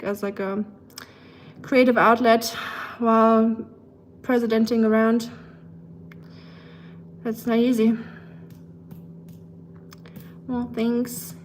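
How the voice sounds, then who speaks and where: A woman's voice: on the high side, darkish tone, slight background noise. A woman with a German accent chatting casually with her livestream chat, rambling along with lots of fillers.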